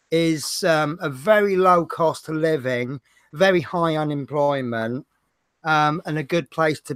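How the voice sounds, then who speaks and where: Norfolk guy rambling on his stream, bit high pitched, dead dry mic, jokes about himself. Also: a bit bright, no room sound. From Norfolk, England. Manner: chatty, rambling, self-mocking. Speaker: livestream host. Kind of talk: casual livestream chat.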